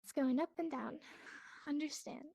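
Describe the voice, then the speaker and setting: A woman's voice: high-pitched, slow, creaky, no room sound, clean studio sound. A woman teaching a sign language class, patiently repeating each word and explaining each hand motion step by step. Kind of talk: instructional lesson. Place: virtual reality social space.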